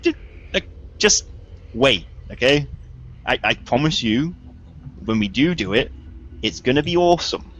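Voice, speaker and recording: A man's voice: mid-range voice, lively intonation, measured pace, pauses often, fairly bright tone, dull audio. A man voicing an exasperated, firm male outlaw in a tabletop game.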